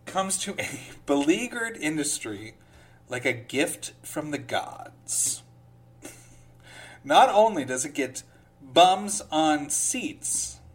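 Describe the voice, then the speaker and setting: Reading film reviews aloud, this podcast host keeps things casual, tossing in sarcastic remarks between quotes. His medium-pitched voice occasionally slides into a pompous, overblown reading tone.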